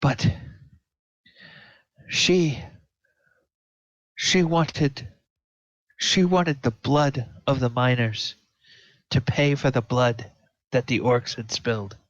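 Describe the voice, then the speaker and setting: A man voicing a frightened, tearful young woman in a tabletop game, speaking softly with a pleading, halting manner. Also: medium pitch, no room sound, highs cut off. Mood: apologetic.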